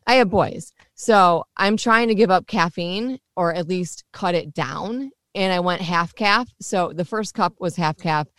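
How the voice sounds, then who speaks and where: Candid woman with a low voice. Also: a little slow, few pauses, a bit bright, dry recording, clean studio sound. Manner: candid storytelling with swearing. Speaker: podcast co-host. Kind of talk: casual chat.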